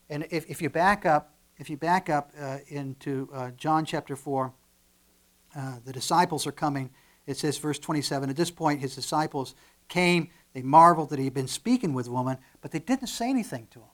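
A male pastor preaching a sermon, animated, moving from quiet asides to loud emphatic lines and repeating words as he restarts. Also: fairly high pitch, fairly quick.

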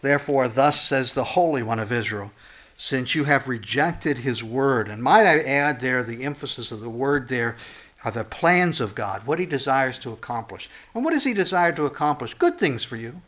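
A pastor delivering a sermon and reading scripture, impassioned, his voice climbing high and loud on warnings and then dropping low and soft. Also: lively intonation, moderate pace.

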